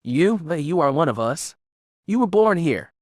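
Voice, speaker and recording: Narrating an audiobook, a man voices an arrogant, ambitious male magistrate who speaks in a self-important, aggrieved way, with a wary mood. The character's voice is fairly high, sing-song and a little mellow, pitched above the performer's own, at a moderate pace in clean studio sound with no room sound.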